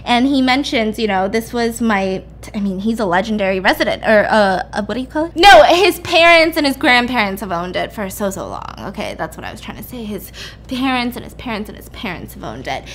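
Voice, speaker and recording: A woman's voice: medium pitch, big pitch swings, a little fast, a bit bright. A woman casually retelling a story, rambling and chatty, acting out the characters' lines with swearing. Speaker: podcast host.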